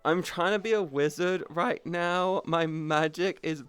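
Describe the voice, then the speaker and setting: A woman's voice: on the low side, measured pace, clear, resonant tone, faint music behind. A young woman chatting on a live stream, playful and crude, calling her chat sweetie and baby. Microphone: headset boom mic.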